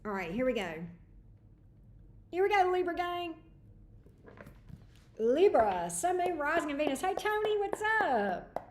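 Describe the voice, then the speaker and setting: A woman reads tarot on a livestream, chatting and calling out viewers by name. Her voice sits fairly high. She is recorded in a room with a noticeable echo. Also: sing-song, unhurried, long pauses, darkish tone, slight background noise. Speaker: tarot reader. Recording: echoey room.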